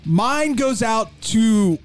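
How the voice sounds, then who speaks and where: A man co-hosting a sports talk show, ranting with animated mock quotes in a studio. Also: high-pitched, drawn-out words, faint music behind. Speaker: co-host.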